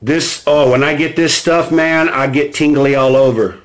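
A man with a high voice gives a motivational talk on a live stream. He reads from his book and chats with viewers in low, casual asides. Then he bursts into loud, emphatic preaching. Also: steady tone, normal speed, low-quality recording. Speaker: host reading from his book. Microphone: phone or webcam on a live stream.

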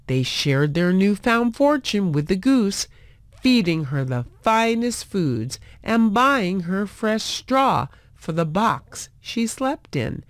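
Slow, expressive woman storyteller. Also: lowish voice, no echo, studio quality. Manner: slow, clear and expressive reading. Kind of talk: scripted story narration for English learners.

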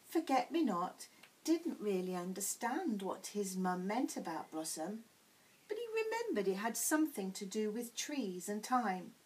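A woman teacher reading a children's picture book aloud in a clear, expressive bedtime-story way. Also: medium pitch, unhurried, rough recording. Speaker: primary school teacher.

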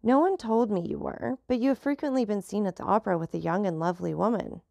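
A woman's voice: mid-range voice, fast talker, vocal fry, dark tone, dry recording, clean studio sound, close to an everyday voice. A woman voicing a sorrowful countess in an audiobook, speaking in a plaintive, pleading way.

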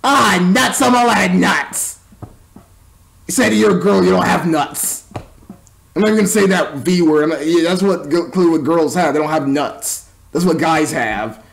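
A man's voice: fairly high pitch, normal speed, creaky. A man casually recapping and reviewing a movie, rambling with stumbling restarts and mocking asides. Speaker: film reviewer.

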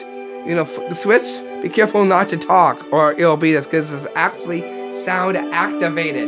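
A man's voice: fairly high pitch, moderate pace. A man hosting a casual magic tutorial, rambling along and often repeating phrases. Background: faint Christmas music.

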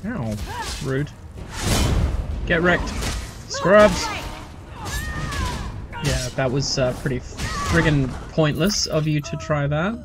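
A man's voice: a little high, measured pace, music in the background. A male game streamer giving casual, rambling commentary with stammered restarts and swearing.

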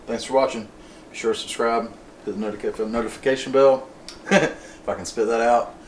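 A man's voice: mid-range voice, steady tone, normal speed, a little hiss or hum. A man, hosting a casual home cooking demonstration in an easygoing, folksy, rambling way. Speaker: cooking show host. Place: home kitchen. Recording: roomy kitchen, mic at a distance.

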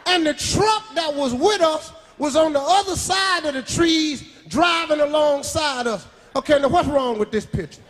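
A man doing a stand-up comedy routine, telling a story loudly and shouting punchlines on a live stage. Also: very high voice, normal speed, hardly any pauses. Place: large theater with live audience. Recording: live stage recording with audience laughter and noise.

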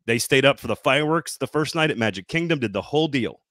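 A middle-aged man with a light Southern US accent hosts a sports podcast, telling animated stories in casual chat and swearing now and then. His pitch sits mid-range for a man. The recording is dry and close, with no room sound. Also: fast talker, no room sound. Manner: animated, swearing, jokey storytelling.

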